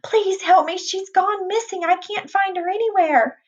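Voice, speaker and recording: A woman reading aloud, voicing a panicked middle-aged mother who pleads for help in a shrill cry. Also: moderate pace, dull audio. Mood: frantic.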